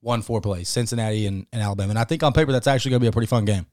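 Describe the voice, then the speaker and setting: A man co-hosting a casual sports podcast, talking in a profane, emphatic and animated way. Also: fairly low pitch, rapid-fire, dry recording, clean studio sound. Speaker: podcast co-host.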